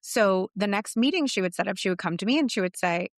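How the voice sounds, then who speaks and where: A woman's voice: mid-range voice, expressive, quick pace, no room sound, clean studio sound. A woman business coach telling a story in a solo podcast monologue, earnest and reflective, often acting out quoted lines.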